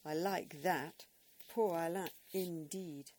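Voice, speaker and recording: A woman's voice: lowish voice, moderate pace, vocal fry, a little mellow, a little hiss or hum. A woman voicing a fussy, indignant older lady, clipped and huffy.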